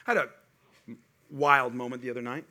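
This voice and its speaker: A middle-aged man preaching a sermon to a congregation, with animated call-and-response delivery. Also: medium pitch, brisk. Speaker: pastor.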